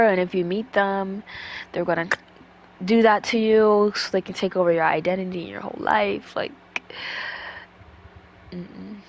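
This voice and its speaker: A woman chatting casually on a stream, rambling with lots of fillers and swearing freely. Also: medium pitch.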